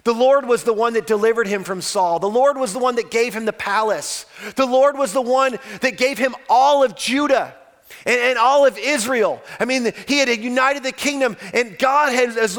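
Male preacher, high voice, dramatic sermon storyteller who swings between loud and hushed. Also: moderate pace. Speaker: pastor.

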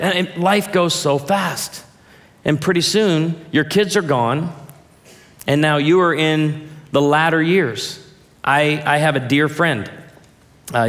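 Before an audience in a big church auditorium or large hall, a man delivers a humorous storytelling sermon, addressing listeners directly and shifting from jokes to heartfelt moments. His mid-range voice has a slightly bright quality, and the recording carries a long, hall-like reverb.

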